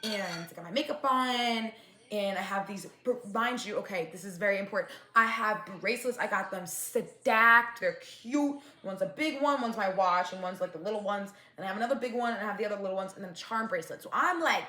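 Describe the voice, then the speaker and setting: A woman's voice: mid-range voice, fairly quick, pushed and bright, reverberant. Chatty young woman ranting while eating. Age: 20s. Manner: chatty, fillers of like and whatever. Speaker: vlogger. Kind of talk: storytime rant.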